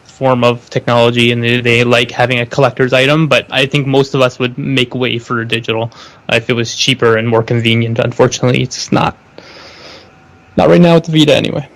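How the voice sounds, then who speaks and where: A man's voice: mid-range voice, fairly even intonation, a little fast, vocal fry, fairly bright tone, low-quality recording. A man co-hosting a casual podcast, teasing and bantering playfully. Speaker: podcast co-host.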